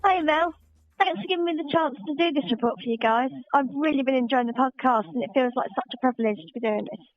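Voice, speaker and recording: A woman's voice: high-pitched, fast, no room sound. A woman from England, a listener guest talking eagerly about an event. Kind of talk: interview over phone. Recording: tinny phone line.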